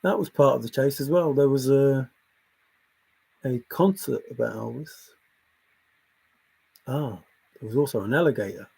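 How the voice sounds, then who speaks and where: A man's voice: medium pitch, moderate pace, creaky, pauses often, dark tone, breathy edge. A man hosting a livestream, chatting casually, laughing often and drifting from topic to topic as he reads the chat. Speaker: livestream host reading chat.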